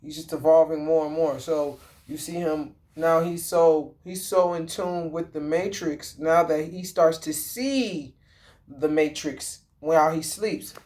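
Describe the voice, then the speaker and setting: Rambling, slangy man with a mellow voice. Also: on the high side, steady tone, unhurried. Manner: rambling, slangy and profane, with frequent fillers and self-corrections. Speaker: vlogger. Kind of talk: casual movie talk.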